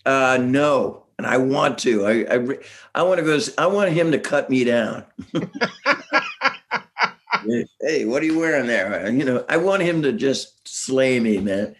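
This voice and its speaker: Middle-aged guy, guest on a chat show, lively, laughs a lot, does little voices. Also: medium pitch, normal speed. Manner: animated, laughing, drops into voices. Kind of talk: casual chat, storytelling.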